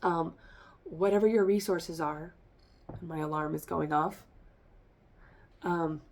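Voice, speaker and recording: A woman's voice: low-pitched, steady tone, takes it slowly, a little mellow. A woman giving a rambling, emphatic tarot reading, speaking straight to her listeners, a little congested. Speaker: tarot reader. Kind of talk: spiritual reading monologue.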